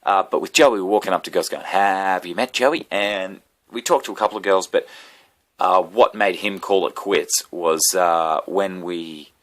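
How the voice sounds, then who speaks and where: Speaking at a moderate pace in a deep but slightly bright voice, a comedian from Australia rambles through a foul-mouthed story to camera, poking fun at himself as he goes. It's a loose, casual vlog monologue.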